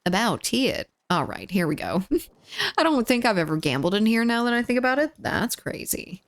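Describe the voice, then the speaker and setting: Lively giggly woman streaming a game. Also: a little high, normal speed, no echo. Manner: giggly, reads chat aloud and chats back. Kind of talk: casual live-stream chat while gaming.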